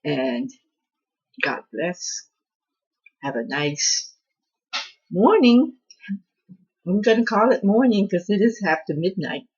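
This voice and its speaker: A woman's voice: lowish voice, animated, measured pace, pauses often, slightly rough, highs cut off. A woman hosting her own home cooking channel, chatting in a rambling, self-deprecating way as she walks through a recipe. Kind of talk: casual cooking vlog chat.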